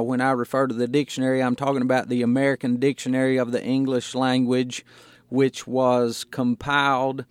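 A man preaching as a pastor on a radio broadcast, slowing down to stress single words as he explains them. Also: medium pitch, dry recording. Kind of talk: radio sermon.

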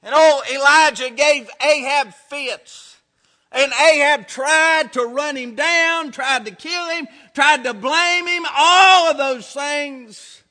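A man preaching a sermon, emphatic and building to shouts on his key points. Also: very high voice, slow. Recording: reverberant hall.

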